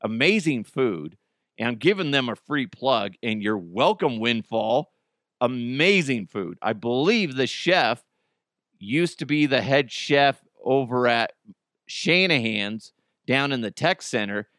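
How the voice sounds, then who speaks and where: A man hosting a podcast alone, chatting casually in an animated, profane, rambling way. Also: medium pitch, slow pace, dry recording, studio quality. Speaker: podcast host. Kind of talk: casual solo podcast chat.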